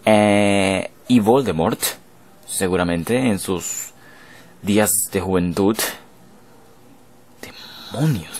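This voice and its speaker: A man's voice: lowish voice, takes it slowly, pauses often, a little mellow, slight background noise. A man playing a horror game and voicing its characters, adding wry asides. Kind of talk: horror game let's play commentary. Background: game music.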